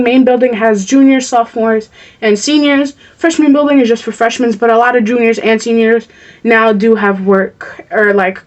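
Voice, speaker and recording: A woman's voice: on the high side, recorded from a distance. A young woman vlogger telling a storytime, blunt, heated and profane as she talks. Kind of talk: storytime vlog.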